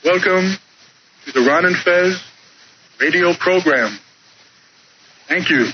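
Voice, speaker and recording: Stately older stadium announcer, as a caller puts him on; slow measured cadence, high-ish tone, dull hissy radio audio. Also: male voice. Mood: formal. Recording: lo-fi radio broadcast with hiss.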